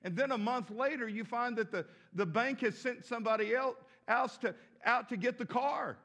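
A pastor from the States, preaching a sermon with emphatic rises and repeated words. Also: male voice, extremely high pitch, normal speed, fairly bright tone. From southern United States.

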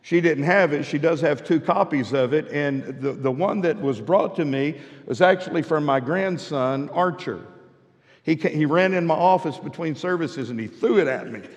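Pastor man in his 50s preaching, bit high voice, stammers on first words, long church echo. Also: moderate pace. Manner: emphatic preaching with call-and-response repetition. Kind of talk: sermon. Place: church sanctuary.

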